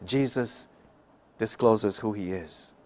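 A man from Canada giving an expository Bible talk, slow and emphatic, rising and falling for effect. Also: fairly low pitch. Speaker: Bible class speaker.

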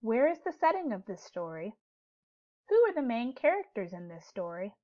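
A female teacher runs a storybook lesson for young children at normal speed, her higher voice lively and rising and falling. She poses questions gently and clearly, and the recording is dull and lo-fi.

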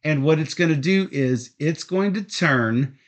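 Man, slightly high voice, slow methodical rules explainer with lots of fillers. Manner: steady, methodical, frequent fillers. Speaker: board game teacher.

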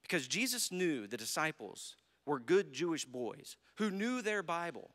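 An American man preaching in a church, telling the story with feeling and often checking in with "right?". His voice sits high and swings widely. It rings with a long reverb from the sanctuary. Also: big pitch swings, a little slow, a bit bright. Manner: storytelling preacher, acts out quotes, asks "right?". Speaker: pastor. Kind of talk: sermon.

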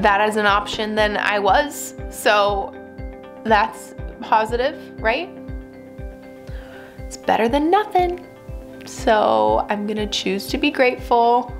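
A woman's voice: mid-range voice, fairly bright tone. Candid chatty woman vlogging at home. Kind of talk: candid personal vlog talk.

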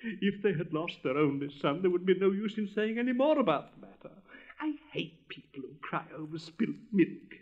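A man's voice: high voice, expressive, normal speed, phone-quality sound. A man voicing a vain, pompous male firework rocket with a haughty, theatrical manner. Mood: self-pitying. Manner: haughty, self-pitying, theatrical.

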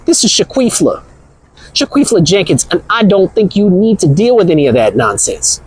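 A man's voice: high-pitched, big pitch swings, normal speed, darkish tone, husky, no room sound, heavily acted, low-quality recording. Sketch character: a sassy woman handing out scolding advice, done by a man, in a dry room. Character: sassy no-nonsense adult woman advisor. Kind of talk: comedic live-stream sketch.

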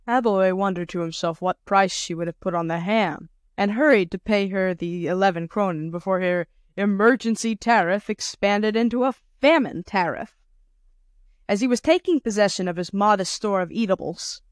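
A woman's voice: medium pitch, no room sound. Dry, close woman audiobook narrator. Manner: measured storytelling. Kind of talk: scripted narration.

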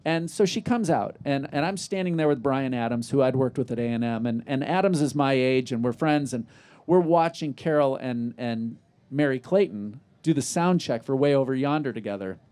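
A middle-aged man telling animated stories on a live festival stage, acting out the dialogue he quotes. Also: mid-range voice, normal speed. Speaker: interview guest. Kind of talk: storytelling in a live festival interview.

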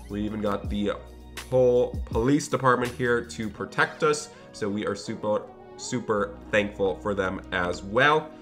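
Casting: earnest, gentle male priest officiating a game wedding, put on by a man, slow solemn delivery, bright forceful tone. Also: mid-range voice, close to an everyday voice. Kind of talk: game role-play voice-over.

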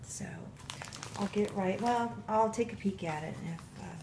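A woman vlogging an unboxing at home, gushing and emotional, with drawn-out breathy exclamations. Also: medium pitch, noisy background. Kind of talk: casual unboxing vlog. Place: home kitchen counter. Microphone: camera on tripod.

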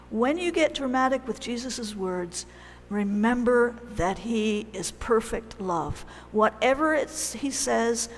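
A woman delivers a sermon at an unhurried pace, telling the story in a chatty, animated way with pauses. Her voice carries a long reverb from the church around her. A faint hum sits under the recording. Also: fairly high pitch. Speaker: preacher.

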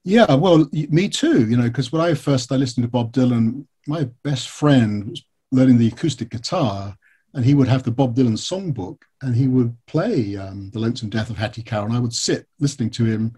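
English male biographer, interview guest, warm husky tone, chatty anecdotal delivery. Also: mid-range voice, a little fast. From England. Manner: candid, storytelling, frequent fillers. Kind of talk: conversational interview answers.

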